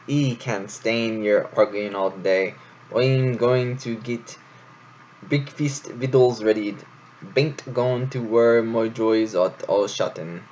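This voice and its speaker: A man voicing a homely female mole who speaks slowly in a thick rustic dialect, in a dull lo-fi home recording. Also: on the low side, a little mellow, a little hiss or hum. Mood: grumbly.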